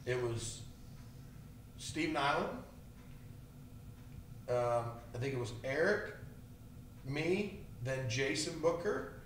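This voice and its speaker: A man hosting a podcast, telling lively anecdotes in a casual chat with many fillers. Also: mid-range voice, takes it slowly, long pauses, a little hiss or hum. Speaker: podcast host. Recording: echoey room, far from mic.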